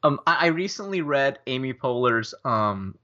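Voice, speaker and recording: A man's voice: medium pitch, expressive, normal speed, pushed and bright. A man co-hosting a film podcast, talking casually and hesitantly, with many fillers and restarts. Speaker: podcast co-host. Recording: dull, lo-fi audio.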